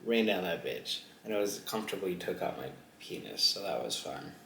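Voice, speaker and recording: A man's voice: low-pitched, lively intonation, normal speed, vocal fry, bright, forceful tone. A young man vlogging a mukbang in casual chat, rambling with lots of fillers and giggles. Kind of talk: casual chat while eating on camera. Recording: echoey room with faint ambient noise.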